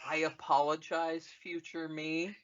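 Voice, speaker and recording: A man's voice: fairly high pitch, level tone, measured pace, fairly bright tone. Sarcastic man on a lo-fi podcast. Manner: sarcastic, swears, mock-exasperated asides. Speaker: podcast co-host. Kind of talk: casual comedic podcast chat.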